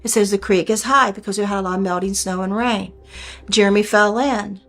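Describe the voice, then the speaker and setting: A woman's voice: mid-range voice, fairly even intonation, a little fast, a bit bright, faint music behind. A woman in her sixties telling a personal story in an earnest, heartfelt way, often re-enacting what she and others said. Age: 60s. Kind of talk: personal testimony.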